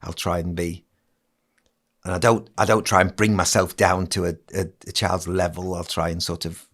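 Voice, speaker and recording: A man's voice: sits low, flat delivery, moderate pace, fairly bright tone. A middle-aged man, a ventriloquist, chatting casually in an interview with many restarts. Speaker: ventriloquist and entertainer, guest.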